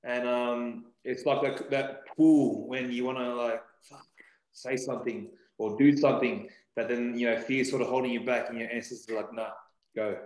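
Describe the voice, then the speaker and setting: A man's voice: medium pitch, fairly even intonation, moderate pace, a little mellow. A man speaking as a podcast guest, earnest and emotional, often saying "you know". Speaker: podcast guest, breath-work facilitator. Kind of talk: heartfelt conversational sharing. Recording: roomy echo.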